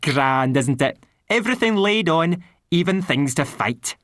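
A woman's voice: sits low, lively intonation, unhurried, dry recording, studio quality, voice pushed up. A woman voicing a cheerful tiny male pixie clan chief with a Scottish accent, in a storybook reading. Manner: hearty, boisterous, cheerful.

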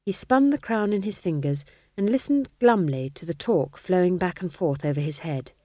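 A woman reading a novel aloud as narrator, with an expressive, wry storytelling manner. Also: fairly low pitch, moderate pace, no room sound, studio quality. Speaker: audiobook narrator. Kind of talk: scripted narration.

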